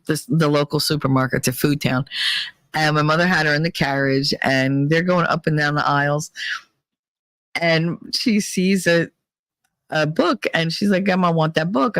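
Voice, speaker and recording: A middle-aged woman with a thick New Jersey accent, hosting a podcast and telling stories in a casual, animated way, laughing often and swearing freely. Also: sits low, dry recording. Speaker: podcast host. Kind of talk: casual storytelling monologue. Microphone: home computer mic.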